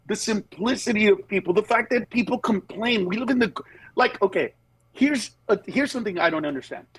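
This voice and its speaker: A comedian guest on a phone-in radio interview tells stories animatedly, acting out other people's voices and often restarting his sentences. His voice sits high, is slightly rough and a little fast, and comes through a low-quality phone or Bluetooth line with no echo.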